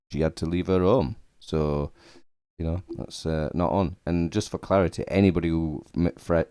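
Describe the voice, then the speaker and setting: A man's voice: very deep voice, darkish tone, no room sound, clean studio sound. A man giving casual reaction commentary, blunt in his opinions and hesitant, with many fillers.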